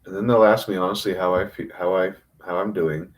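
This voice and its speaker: A man giving an emotional, self-critical confessional monologue on a livestream, rambling with halting restarts and frequent swearing. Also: low voice, fairly even intonation.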